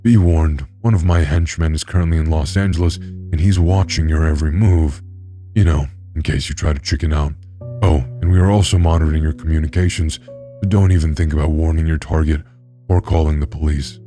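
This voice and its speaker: A man voicing a sadistic male villain who hosts a dark-web show, cold, mocking and theatrical, in a horror story. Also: rumbling low, steady tone, fairly quick, faint music behind, pitched below the performer's own voice. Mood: menacing.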